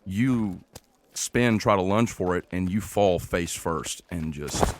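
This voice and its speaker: A man's voice: low voice, expressive, slow. A man running a tabletop game as game master, narrating the scene in a playful, teasing way.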